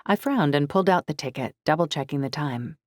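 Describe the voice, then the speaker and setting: A woman reading a first-person novel aloud in measured, scripted narration. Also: deep voice, animated, no echo, clean studio sound. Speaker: audiobook narrator.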